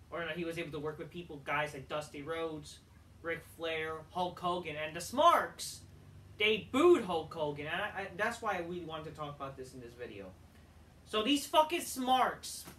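A man's voice: sits high, pushed and bright, recorded from a distance. A man reviewing a wrestling show in a heated, profanity-laden rant.

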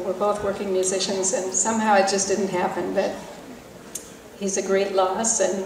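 A woman's voice: mid-range voice, noisy background. A woman, a singer and working musician, giving an earnest tribute speech at a live event. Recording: roomy hall from far off with crowd.

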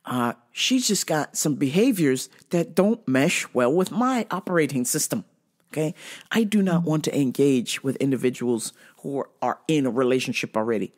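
A woman delivers a casual solo podcast monologue as a profane, animated rant. Her voice sits on the low side for a woman but leaps up and down constantly as she tells her stories. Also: moderate pace. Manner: profane, ranting, animated storytelling. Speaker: podcast host.

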